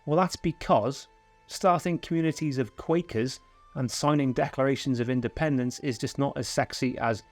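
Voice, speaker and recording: A man's voice: mid-range voice, normal speed, faint music behind. Sarcastic Welsh man with a sweary edge. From Wales. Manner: sarcastic, profane, mocking. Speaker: film commentary host. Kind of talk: sardonic commentary.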